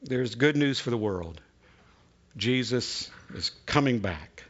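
A man pastor giving an unhurried, folksy sermon with prayer and jokes, often repeating words as he starts a sentence. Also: mid-range voice, lively intonation, a bit bright, lo-fi sound. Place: church sanctuary.

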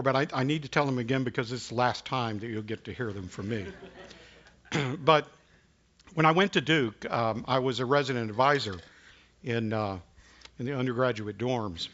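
Halting, earnest preacher man with a cough. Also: medium pitch, bright, forceful tone. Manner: halting and earnest, with many restarts. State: coughing now and then. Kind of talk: sermon with personal stories. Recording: dull lo-fi recording.

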